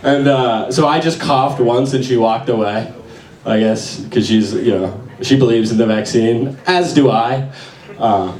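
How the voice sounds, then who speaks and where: A young man doing open mic stand-up in a small venue, with a halting, awkward delivery full of fillers. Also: mid-range voice, darkish tone. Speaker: stand-up comedian. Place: small bar venue with audience. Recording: echoey room, voice far from mic.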